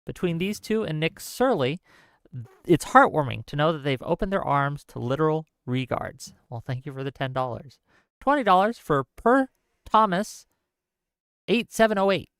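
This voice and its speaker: A man's voice: fairly high pitch, big pitch swings, fairly bright tone, smooth, no echo, clean studio sound. A man hosting a live stream, asking the panel questions and reading out paid messages. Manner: reads paid messages aloud in a brisk run. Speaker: stream host reading donations. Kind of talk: casual live-stream chat.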